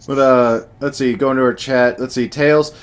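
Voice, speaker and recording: A man's voice: mid-range voice, fairly even intonation, normal speed, smooth. A man co-hosts a laid-back wrestling podcast in an ordinary middle-range voice. He talks hesitantly, restarting his sentences as he works through his thoughts. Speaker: podcast co-host. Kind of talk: casual wrestling chat.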